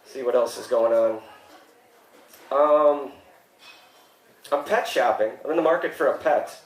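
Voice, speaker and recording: A man in his thirties doing a stand-up comedy set, with deadpan one-liners and sudden mock-shocked outbursts. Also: medium pitch, unhurried, reverberant, rough recording. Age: 30s. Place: comedy club stage.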